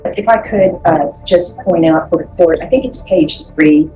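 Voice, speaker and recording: A woman's voice: lowish voice, measured pace, dark tone, soft background music, low-quality recording. A woman defense attorney speaking in court, a little hesitant, with fillers and restarts. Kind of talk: courtroom proceedings.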